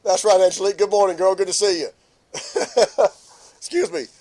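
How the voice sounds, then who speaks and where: A middle-aged man from hosts a relaxed morning live stream and talks. His voice sits high for a man. He keeps breaking into laughter as he greets viewers by name. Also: normal speed, gravelly.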